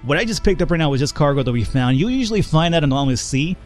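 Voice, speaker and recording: A man giving let's play commentary as a channel host, excitable and profane, joking and laughing often, a little tipsy and slurring. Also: a little high, quick pace, soft background music.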